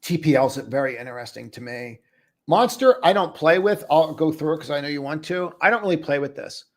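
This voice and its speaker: A man's voice: fairly high pitch, animated, brisk. A man hosting a live trading stream, talking loosely and casually to viewers, calling them brother and buddy.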